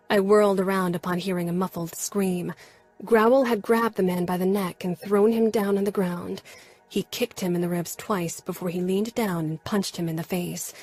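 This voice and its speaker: Breathy low-voiced female audiobook narrator. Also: a little mellow. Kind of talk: scripted first-person narration.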